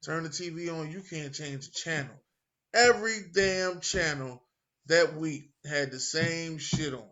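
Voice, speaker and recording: A man's voice: a little high, unhurried, dull audio. A man in his thirties, a podcast host from Philadelphia, telling a story casually and acting out what people said. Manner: animated, acts out quotes with laughs and swearing.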